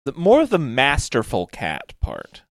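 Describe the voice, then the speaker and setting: A man's voice: mid-range voice, huge pitch swings, unhurried, gravelly, no room sound. Man, 30s, podcast co-host, hugely swooping delivery, dry close sound. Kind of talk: casual chat.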